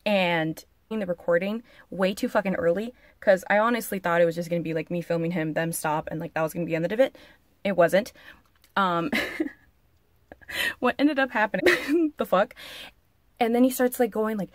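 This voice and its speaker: A woman's voice: medium pitch, moderate pace, pauses often, no echo. A woman vlogger telling a story-time tale in a casual, profane, dramatic way, full of "like" fillers. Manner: profane, chatty, dramatic retelling; frequent filler "like".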